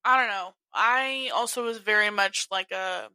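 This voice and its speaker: A young woman hosting a podcast, telling college stories in a giggly, animated way. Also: medium pitch, unhurried, no room sound, rough recording. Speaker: podcast host. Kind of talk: casual chat.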